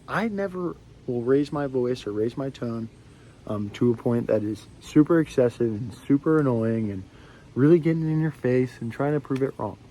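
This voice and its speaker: A man's voice: mid-range voice, lively intonation, moderate pace, dark tone. A young man in his twenties, ranting to camera in a rambling way with lots of fillers and restarts. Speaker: vlogger. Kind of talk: ranting monologue.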